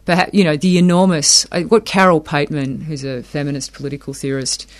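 A man's voice: on the high side, little pitch movement, a little fast. A man explaining academic ideas in an interview, thoughtful, often repeating words as he works a point out.

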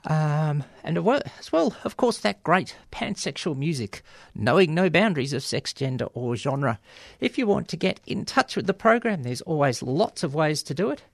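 Australian guy on community radio, gravelly voice, dry close studio sound, lots of ums and wry jokes. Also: on the high side, sing-song, normal speed, no room sound. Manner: chatty, wry, many ums and asides. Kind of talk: casual radio monologue. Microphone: studio microphone.

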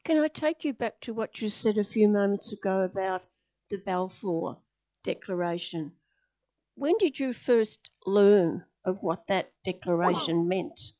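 A woman interviewing a guest, asking questions in a calm, inquiring way. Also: medium pitch, a little slow.

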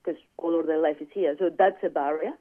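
A man telling a personal story in casual chat, animated and acting out the quoted dialogue. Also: fairly high pitch, fairly quick, dry recording. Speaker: guest. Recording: tinny phone-line sound, dry.

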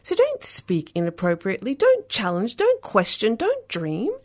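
A woman performing a spoken word poem in the voice of a domineering man who keeps scolding and hushing a woman. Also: mid-range voice, wildly swooping pitch, moderate pace, pitched above the performer's own voice. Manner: scolding, repeated hushing commands.

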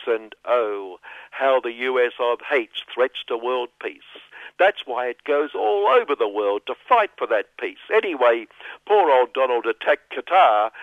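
A man's voice: mid-range voice, dry recording. A man delivering a sardonic, mocking satirical monologue as a radio commentator. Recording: dull, dry lo-fi radio sound.

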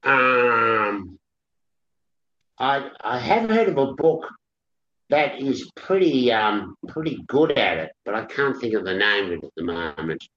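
A man answers interview questions in a halting, stop-start way, his bright voice lifting and falling a lot. The sound is roomy and a little dull, like an older radio studio recording. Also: medium pitch, very animated. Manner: hesitant, with frequent restarts and fillers. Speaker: author and interview guest. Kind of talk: interview chat and reading from his novel.

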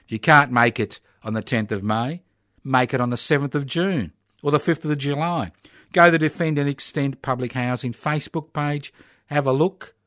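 A man's voice: mid-range voice, no room sound, studio quality. An Australian man hosting a talk radio show, delivering an opinionated monologue in a ranting, sarcastic, emphatic way. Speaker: radio host.

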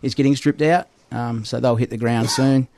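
A man giving a site update in casual chat, unhurried and full of hesitant fillers. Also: medium pitch, fairly even intonation, darkish tone, no room sound. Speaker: guest describing a construction site.

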